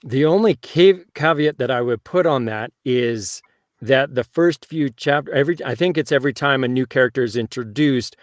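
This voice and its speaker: A man's voice: medium pitch, moderate pace, dry recording, clean studio sound. A man hosting a casual panel chat, conversational with emphatic asides. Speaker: host and audiobook narrator.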